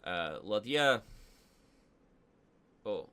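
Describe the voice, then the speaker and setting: A man doing a self-assured Russian chess master with a thick Russian accent, low in pitch. He talks in broken English and muses slowly over his moves. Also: expressive, fairly bright tone, clear, resonant tone, heavily acted. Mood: musing. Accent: Russian (put on).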